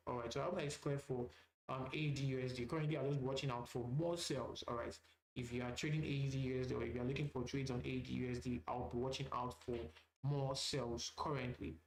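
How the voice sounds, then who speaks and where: A trading instructor teaches a live session, casually talking through charts, often repeating phrases and leaning on "all right" as a filler. His mid-range voice is gravelly, and the poor audio has an echoey room sound.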